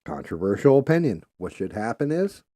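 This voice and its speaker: A man's voice: lowish voice, very animated, fairly quick, warm tone, no room sound, clean studio sound. A man hosting a podcast, talking in a casual, profane, heated and blunt way. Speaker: podcast host.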